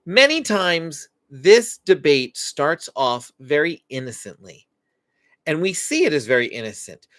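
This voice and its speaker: Animated man hosting a parenting stream. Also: fairly high pitch, measured pace, dry recording. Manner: animated, acts out parent and child quotes. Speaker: parenting show host. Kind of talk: live-stream Q&A teaching.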